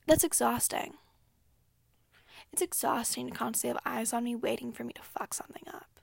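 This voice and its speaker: A young woman with a somewhat high voice talks straight to her listeners in a candid, emphatic way, swearing freely and scattering "like" through her sentences. The sound is dry and close, with no room around it. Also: normal speed, gravelly, long pauses, breathy edge, no room sound, whispered. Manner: candid, profane and emphatic, with frequent "like" fillers. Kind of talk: casual solo talk.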